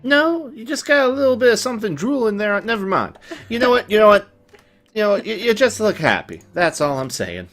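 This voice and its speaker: A woman's voice: mid-range voice, big pitch swings, fairly quick, few pauses, soft background music. A woman hosting a let's play, joking and teasing as she comments casually.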